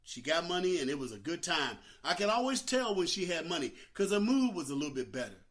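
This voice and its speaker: An older man hosting a talk show, telling a childhood story with dramatic, animated delivery. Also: fairly high pitch, quick pace. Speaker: host.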